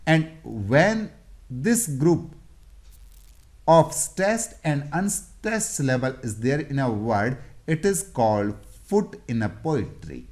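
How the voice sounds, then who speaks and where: English teacher, explanatory lesson, sounds out example words, unhurried, animated pitch.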